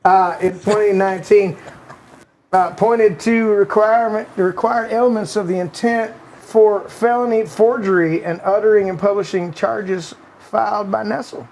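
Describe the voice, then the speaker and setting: An older Southern politician with a lazy, folksy drawl, as a man puts him on for a comic article reading. The voice sits high and has a gravelly edge. The studio has a faint hum behind it. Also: huge pitch swings, normal speed, darkish tone, heavily acted, rough recording. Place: home studio.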